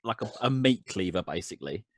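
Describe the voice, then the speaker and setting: A man's voice: sits low, animated, fairly quick, dry recording. A man narrating as game master of a tabletop game, in a rambling way full of ums and restarts.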